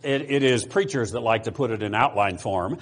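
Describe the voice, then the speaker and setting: A man's voice: mid-range voice, fairly quick, breathy edge. A man from the United States preaching a sermon, talking casually with fillers, restarts and rhetorical questions to the congregation. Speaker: pastor.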